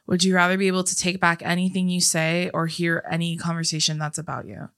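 Casting: young woman co-host, slightly low, bright tone, teasing and dry. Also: little pitch movement, quick pace. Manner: teasing, dry, laughs often, reads listener questions. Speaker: podcast co-host. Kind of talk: casual chat.

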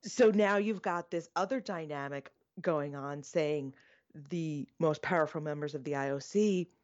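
Podcast co-host, woman, very low voice, animated, slightly dull recording. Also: a little slow. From United States. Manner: animated, self-deprecating, opinionated. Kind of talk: casual chat.

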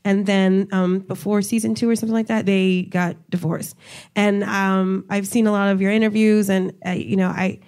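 A woman hosting a comedy talk show in front of a live audience, brash and teasing with quick jokes. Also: mid-range voice, flat delivery, darkish tone, clean tone. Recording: noisy studio with audience. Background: live studio audience.

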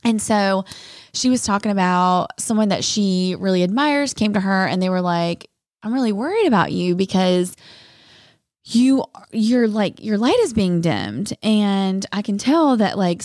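Young female co-host, casual rambling chat, animated voice, dry close sound. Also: mid-range voice, a little slow, dry recording. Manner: rambling, lots of "like", emotional, near tears. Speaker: podcast co-host.

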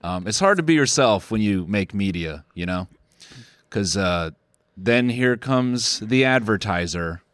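Podcast host, male, sarcastic riffing, lively up-and-down delivery, dry close sound. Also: fairly low pitch, a little slow, no echo. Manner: sarcastic, rambling, laughs often. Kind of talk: casual comedic podcast chat.

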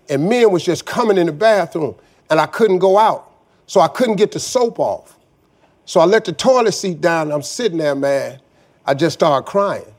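A man's voice: on the high side, a little mellow. A middle-aged man telling a personal story in a folksy, casual way, often adding "man". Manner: folksy, says "man" often, Southern Black vernacular. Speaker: guest storyteller. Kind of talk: personal story told to an audience.

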